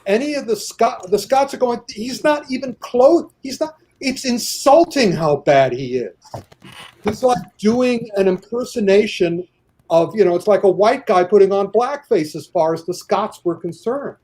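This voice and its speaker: A man's voice: high-pitched, sing-song, normal speed, a little mellow. A man in a casual debate chat, talking passionately and rambling with many restarts.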